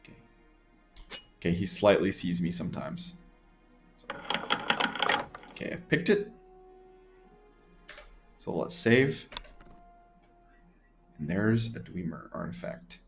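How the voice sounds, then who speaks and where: A man giving casual gameplay commentary, thinking out loud, chuckling and trailing off into half-finished sentences. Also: sits low, expressive, slow pace, gravelly, long pauses, over music. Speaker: gamer, channel host.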